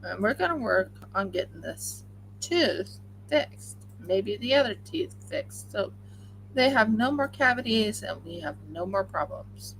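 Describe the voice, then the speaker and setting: Slow, gravelly-voiced woman chatting. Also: mid-range voice, expressive, a bit bright, slight background noise, poor audio. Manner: rambling, chatty, with many fillers. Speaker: crafting livestream host. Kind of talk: casual chat while crocheting.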